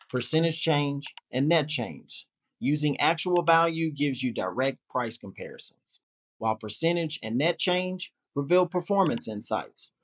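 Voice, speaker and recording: A man narrating a scripted software tutorial in an upbeat, polished promotional manner. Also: on the high side.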